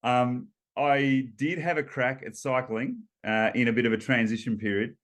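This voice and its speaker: An Australian man in his fifties sits in as an interview guest, telling stories at an easy, middling pitch. He rambles warmly through fillers and restarts, breaking into short laughs between points. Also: fairly even intonation, moderate pace. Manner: chatty storyteller, laughs between points, many ums and restarts. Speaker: guest, former Olympic rower. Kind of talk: casual storytelling interview.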